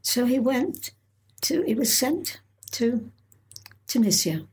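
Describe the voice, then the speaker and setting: An older woman recalls her past in an interview, speaking haltingly with frequent restarts and pauses. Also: a little high, very animated. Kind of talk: oral history recollection.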